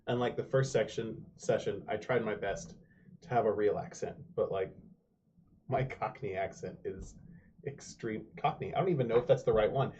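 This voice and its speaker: Man, casual game-table chat, animated storyteller, lo-fi audio. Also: fairly low pitch, normal speed. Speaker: board game show regular. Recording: dull lo-fi stream audio.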